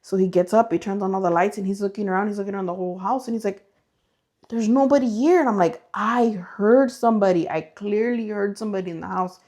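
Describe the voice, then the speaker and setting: A woman's voice: medium pitch, rapid-fire, hardly any pauses. A woman co-hosting a podcast, telling ghost stories casually and acting out the voices and noises in them. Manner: animated, acts out voices and sounds in her stories. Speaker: podcast co-host. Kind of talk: casual storytelling chat.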